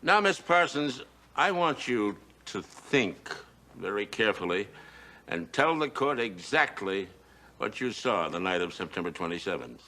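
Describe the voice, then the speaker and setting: An actor playing a shrewd district attorney in a 1980s TV crime drama, taunting a suspect and questioning witnesses in court. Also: male voice, on the low side, very animated, measured pace, pushed and bright, heavily acted. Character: shrewd older male district attorney, blunt. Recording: TV soundtrack with music behind.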